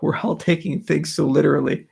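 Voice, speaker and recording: A man's voice: a little high, steady tone, a little fast, gravelly, a little mellow, husky. A man hosting a casual live question session, answering with wry, offhand jokes. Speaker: host answering audience questions.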